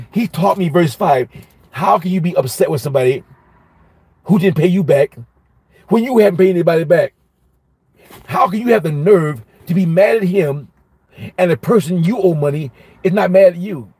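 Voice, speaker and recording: A man teaching a Bible study as a minister, telling a personal story in a lively sermon style and repeating each phrase for emphasis. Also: high-pitched, husky, no room sound.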